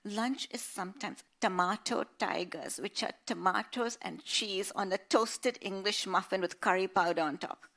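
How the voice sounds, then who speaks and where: A woman reading aloud voices a homesick young female student far from home. She talks in a small, measly voice, quiet and withdrawn. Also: medium pitch, moderate pace, gravelly, few pauses. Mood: subdued. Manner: small, subdued voice.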